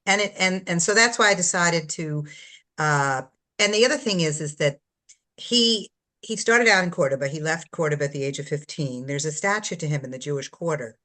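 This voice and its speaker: Low-voiced older woman author, rambling. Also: fairly quick, sharp tone. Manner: rambling, searching for words, many fillers. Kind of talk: casual book discussion.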